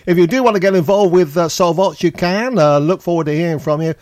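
A man presenting a radio show, talking easygoing and chatty between records with a halting delivery. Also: high-pitched, darkish tone, dry recording, clean studio sound. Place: radio studio. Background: faint music.

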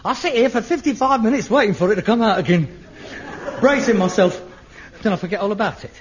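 A middle-aged man, acting in an old TV sitcom, theatrical and excitable, muttering one moment and ranting the next. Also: sits high, quick pace, husky. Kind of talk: 1960s-70s TV sitcom acting. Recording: lo-fi archive TV sound with faint hiss.

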